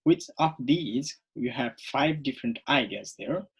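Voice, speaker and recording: Male teacher, recorded video lesson; husky, mid-pitched, patient and repetitive delivery. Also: poor audio. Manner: slow, repetitive, checks in with "okay?". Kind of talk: recorded online English lesson.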